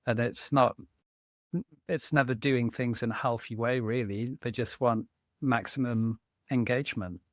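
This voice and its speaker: A man's voice: mid-range voice, fairly even intonation, measured pace, dry recording, studio quality. Reflective man co-hosting a podcast. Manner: reflective, thinks aloud with fillers. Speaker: podcast co-host. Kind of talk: casual conversation.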